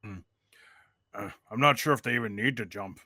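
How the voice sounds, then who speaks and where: A man's voice: on the low side, moderate pace, pushed and bright, dry recording, studio quality. A man playing a tabletop game, speaking hesitantly with many ums and uhs. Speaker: player. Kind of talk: tabletop game play, casual chat.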